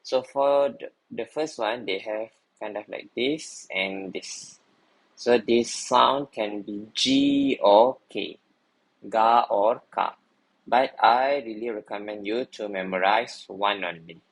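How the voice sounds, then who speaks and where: Slow, husky male teacher. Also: fairly low pitch, rough recording. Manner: patient, repeats "okay" often, slow explanatory. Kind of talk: language lesson explaining writing.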